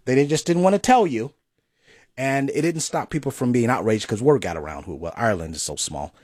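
A man's voice: medium pitch, lively intonation, brisk, a little mellow, dry recording, studio quality. A man in casual political chat, speaking in an indignant, emphatic way.

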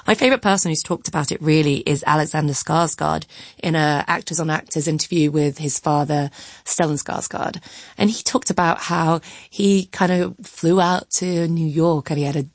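A woman critic with a low voice talks as a radio guest. She is chatty and enthusiastic and laughs easily. Her voice is recorded close and dry. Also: normal speed, no echo. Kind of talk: lively studio chat.

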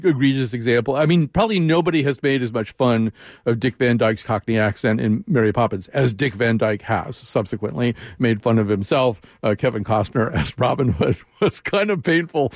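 A man interviewing a guest, thinking aloud with many halting restarts. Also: mid-range voice, expressive, dry recording, clean studio sound. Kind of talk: radio interview conversation.

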